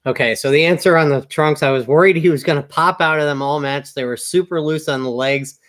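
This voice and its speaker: A man's voice: on the high side, a little fast, fairly bright tone. A man co-hosting a wrestling podcast, recapping matches in a laid-back, hesitant way with lots of ums and uhs. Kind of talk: casual recap chat.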